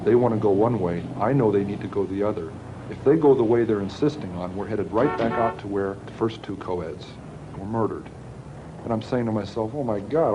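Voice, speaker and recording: A man from the United States speaking slowly and haltingly in a recorded interview. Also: lowish voice, dull audio, background noise. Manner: slow, halting, measured.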